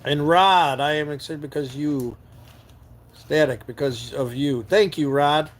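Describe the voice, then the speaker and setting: A man from New York State hosts a live stream from his camper van, reading and answering viewer comments. His voice sits a little higher than most men's, and he speaks sincerely and earnestly. He often stumbles over and repeats words as he reaches for them. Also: unhurried.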